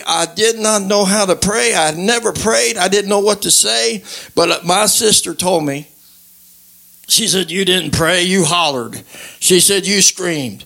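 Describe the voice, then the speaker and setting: Man, high voice, church testimony, fervent and emphatic, emotional, near tears. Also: gravelly, pushed and bright. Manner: fervent, emphatic storytelling with repeated exclamations. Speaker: guest telling his testimony.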